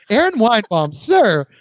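A young man, a podcast guest, telling his dating stories in casual chat, candid and quick to laugh, swearing freely. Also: high voice, a little hiss or hum. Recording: dry, dull lo-fi sound.

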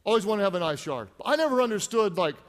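A man delivers a lively sermon, his voice sitting high for a man. He pushes hard on key points and calls out to the congregation. Long reverb from a large church hall trails every phrase. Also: rapid-fire. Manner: animated, rises to shouts for emphasis, calls on the congregation. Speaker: pastor.

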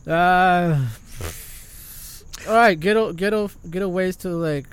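American male co-host, cursing casual banter, voice a touch high. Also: takes it slowly, clear, resonant tone. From United States. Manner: profane, laughing banter. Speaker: podcast co-host. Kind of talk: casual chat.

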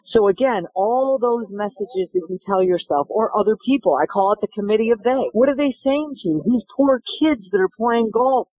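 A woman's voice: a little high, moderate pace, few pauses, breathy edge, no room sound. A middle-aged woman, a golf instructor, telling stories in an interview and acting out the dialogue. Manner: animated, acts out dialogue in stories. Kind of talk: interview storytelling. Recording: dry tinny phone-like line.

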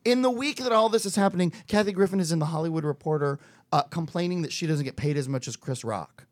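A man co-hosts a talk show, gossiping with snark and camp. His voice sits high for a man. The recording is close and dry. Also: fast, dry recording. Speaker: co-host. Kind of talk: campy talk show banter.

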